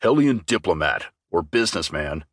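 A man voicing a massive, jumpy male troll bartender in an audiobook, talking slow and grumbling. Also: sits low, sing-song, fairly bright tone, dry recording, studio quality, voice pushed down, heavily acted. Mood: gruff.

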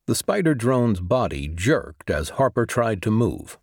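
A man narrating a science fiction audiobook in an even storytelling delivery. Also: fairly low pitch, unhurried, few pauses, breathy edge, no echo, clean studio sound. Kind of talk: scripted narration.

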